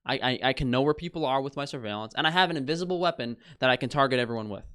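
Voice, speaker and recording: Brief young male streamer, profane and scornful, mid-pitched voice, casual rant over headlines. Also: racing, a bit bright, smooth. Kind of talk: casual ranting commentary.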